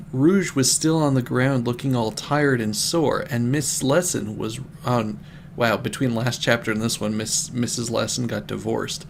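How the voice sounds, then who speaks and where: Gravelly man reading a story aloud. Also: mid-range voice, slight background noise. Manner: amused, laughing asides. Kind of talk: comedic dramatic reading with asides.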